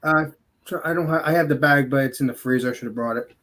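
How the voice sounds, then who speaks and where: A man hosting a casual online food and beer show, chatting in a relaxed, rambling way. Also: medium pitch, fast talker. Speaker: host.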